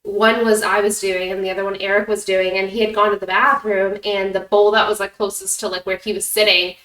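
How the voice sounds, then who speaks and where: A woman's voice: mid-range voice, level tone, fairly quick, fairly bright tone. Chatty woman heard from off-mic. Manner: chatty, lots of "like" fillers. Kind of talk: casual chat. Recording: echoey room, distant mic.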